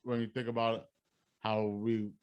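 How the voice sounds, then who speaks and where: A man's voice: lowish voice, level tone, a little slow, smooth, dry recording, highs cut off. A man co-hosting a podcast, chatting casually in a laid-back, slangy way full of "like" fillers. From Puerto Rican heritage. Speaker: podcast co-host. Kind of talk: casual chat.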